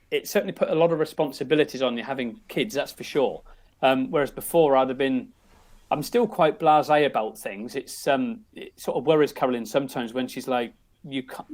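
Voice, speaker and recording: Middle-aged English man, podcast guest, chatty and rambling, mid pitch. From England. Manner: rambling, many restarts and "you know"s. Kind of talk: casual storytelling.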